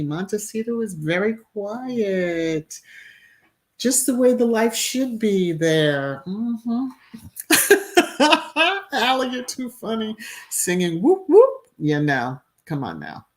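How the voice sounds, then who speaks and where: A middle-aged woman hosting a casual live stream, reading viewer comments aloud, laughing often and breaking into little sung phrases. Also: lowish voice.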